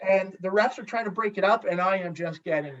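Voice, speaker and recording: A man's voice: high voice, fairly quick. Profane man telling a story. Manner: animated, profane, acts out dialogue. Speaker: podcast guest, former hockey goalie. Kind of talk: casual storytelling. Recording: slightly distant, dull lo-fi sound.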